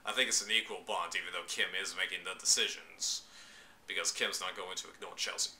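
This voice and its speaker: A man's voice: sits low, fairly even intonation, fairly quick, bright, forceful tone, a little hiss or hum. A man giving his opinions in a casual, chatty vlog, loose and slangy, with bursts of exclamation. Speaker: vlogger reviewing a reality show.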